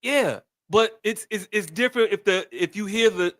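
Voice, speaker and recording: A man's voice: high-pitched, normal speed, a bit bright. A man co-hosting a podcast in casual chat, arguing his point with many restarts. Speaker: podcast co-host.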